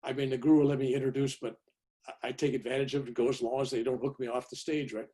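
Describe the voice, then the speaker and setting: A man in his 70s from California, a fast talker with a medium-pitched, dark voice and flat delivery, tells an audience a personal story as a guest speaker. He chats along, tagging his lines with "right?" and "you know".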